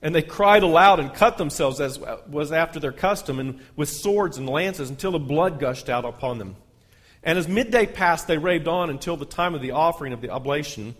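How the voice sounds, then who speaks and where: Preaching pastor, slightly high voice in a reverberant hall. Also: male voice, normal speed, fairly bright tone. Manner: reads scripture aloud with rising emphasis on quoted lines. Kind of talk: sermon with scripture reading. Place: church sanctuary.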